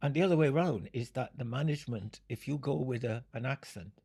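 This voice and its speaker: An older man from Jamaica, speaking in an interview, unhurried and fond of analogies, often breaking into laughter. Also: medium pitch, darkish tone, husky. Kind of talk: reflective storytelling.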